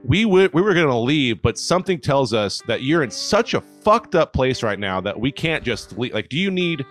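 Dude rambling thru a story, like like like, swears a ton, faint music behind him. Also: male voice, medium pitch, sing-song, moderate pace. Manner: rambling, heavy swearing, many fillers. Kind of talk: casual storytelling chat.

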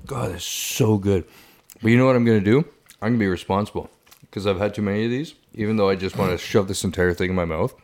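A man's voice: fairly low pitch, racing, a little mellow. A man hosting a podcast, chatting casually and enthusiastically with friends. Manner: enthusiastic, rambling. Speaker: podcast host. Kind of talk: casual chat.

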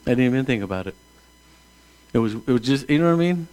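A man in his sixties, a pastor, preaching a conversational sermon that moves between hushed asides and emphatic calls. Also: medium pitch, lively intonation, fast. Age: 60s.

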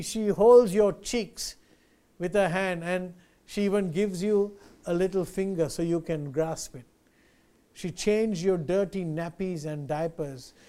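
Pastor guy preaching, high voice, keeps repeating his points, tells little stories. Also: mellow. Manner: earnest, emphatic preaching with repeated key phrases; tells anecdotes, addresses listeners as friend. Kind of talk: sermon.

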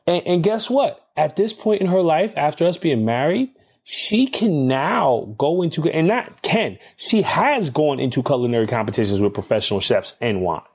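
A man who is a chef, telling stories in an animated, emphatic way in casual chat. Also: on the high side, moderate pace, breathy edge, muffled recording. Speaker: chef and co-host.

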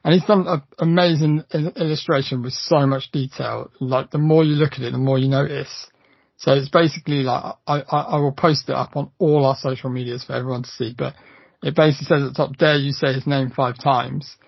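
A man's voice: medium pitch, fairly even intonation, brisk, vocal fry, husky, dry recording, lo-fi sound. A man co-hosting a casual podcast, talking with enthusiasm and plenty of fillers and restarts. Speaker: podcast co-host.

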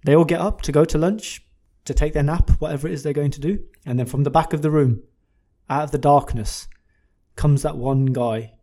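A man chats casually with a friend about cars, and his voice sits a little high for a man. He tells his stories with mock-dramatic build-ups and swears freely along the way. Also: a little fast, warm tone. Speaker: car podcast co-host. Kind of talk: casual chat.

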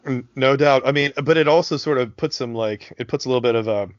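In a profane, easygoing podcast conversation, this man from south central Pennsylvania talks quickly, wanders, restarts sentences and uses lots of fillers. His voice is average in pitch, and the audio is dry and a little dull.

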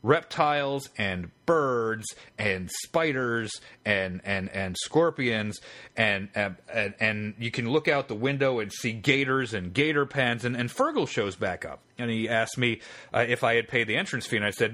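A man co-hosting a podcast, telling a rambling story in casual chat with a bright, forceful voice. He swears freely and jumps between asides, at an ordinary pitch for a man. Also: unhurried. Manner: rambling, profane, animated storyteller. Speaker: podcast co-host.

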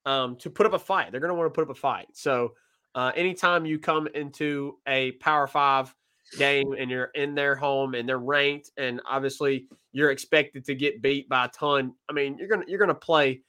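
A man's voice: medium pitch, fairly even intonation, moderate pace, sharp tone, clear, resonant tone. A man co-hosting a sports podcast, chatting casually and often laughing, with plenty of fillers.

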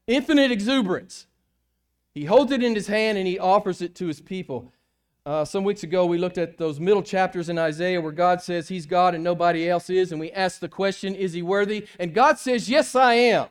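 A man preaching a sermon as pastor, swinging between hushed and loud emphatic delivery, with frequent restarts. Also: high voice, animated, moderate pace, clear, resonant tone.

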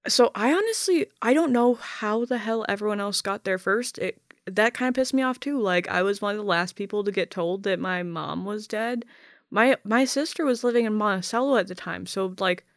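A young woman in a casual podcast conversation, her voice gravelly with fry yet smooth and clear. She talks haltingly, full of fillers and restarts, and swears bluntly. The sound is dry and close. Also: mid-range voice, dry recording. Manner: blunt and profane.

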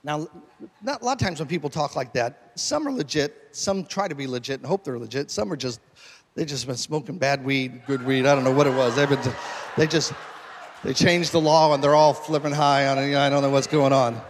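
A man preaching a sermon, telling a story with lively acted-out quotes and jokes to his congregation. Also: mid-range voice, a little fast, a little hiss or hum. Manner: animated, acts out quoted voices, jokes with congregation. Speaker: pastor. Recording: long hall reverb.

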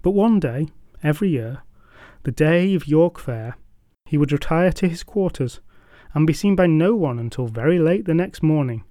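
A man narrating a folk tale with a measured, dramatic and wryly humorous delivery. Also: a little high, warm tone, no echo, studio quality. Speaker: storyteller. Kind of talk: scripted storytelling narration.

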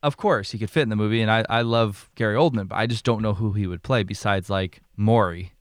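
A man's voice: on the low side, quick pace, no echo, studio quality. A man hosting a podcast, chatting casually about a film, swearing freely and laughing along. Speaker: podcast host.

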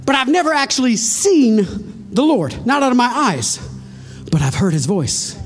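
A woman's voice: on the high side, big pitch swings, measured pace, faint music behind. A woman preaching a sermon to her congregation, retelling a story dramatically with rhetorical questions and direct address.

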